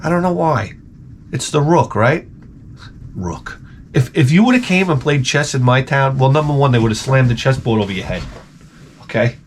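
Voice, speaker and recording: A man's voice: medium pitch, animated, moderate pace, slight background noise. Guy ranting and rambling for his channel, swears a lot, voice jumps all over. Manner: rambling, profane comic storytelling. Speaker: retro gaming YouTuber. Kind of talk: casual rant.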